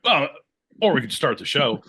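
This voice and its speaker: Brief: boisterous man in his podcast host mode, with a very lively pitch and a mid-range voice. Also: moderate pace, breathy edge. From Southern California. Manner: boisterous showman, jokey, swinging from mutters to bursts. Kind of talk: rowdy casual podcast banter.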